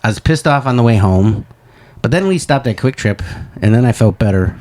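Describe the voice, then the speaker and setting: A man's voice: mid-range voice, expressive, fairly quick, a little mellow. A man co-hosting a comedy podcast, chatting loosely, laughing a lot and slipping into goofy voices at a desk mic. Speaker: podcast co-host. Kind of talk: casual chat. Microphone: studio desk microphone.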